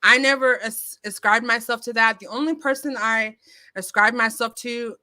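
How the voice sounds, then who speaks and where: Chatty bright-voiced woman vlogger. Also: fairly high pitch, moderate pace. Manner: chatty, animated, frequent fillers and restarts. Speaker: YouTube commentary vlogger. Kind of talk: casual storytelling to camera. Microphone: phone.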